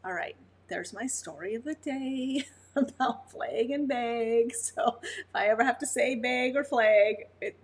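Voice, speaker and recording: Chatty Montana woman with a higher voice. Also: measured pace, slightly rough. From Montana, USA. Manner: chatty, laughs often, talks to viewers' comments. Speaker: dog breeder. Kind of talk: casual livestream chat.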